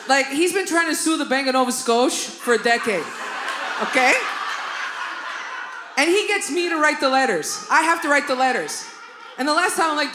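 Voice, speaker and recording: High, lively woman comic in an echoey club. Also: background noise. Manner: loud, animated, laughs at her own jokes. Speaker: stand-up comedian. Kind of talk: stand-up comedy set. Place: comedy club stage before a live audience. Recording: echoey club with loud crowd laughter.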